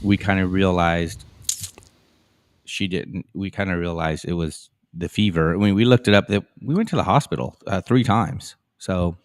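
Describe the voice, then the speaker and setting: A middle-aged man with a fairly low voice talks through a casual live-stream chat, rambling through his stories with plenty of fillers. The sound is close and dry, with no room echo. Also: moderate pace. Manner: rambling, storytelling, with many fillers.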